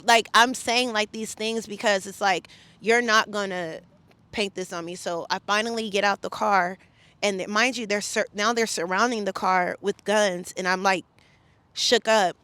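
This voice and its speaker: A woman's voice: medium pitch, steady tone, moderate pace, bright, forceful tone, no echo. A woman from the Bay Area, a podcast guest, recounting a story in an emphatic, profane, heated way. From San Francisco Bay Area. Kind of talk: casual storytelling interview.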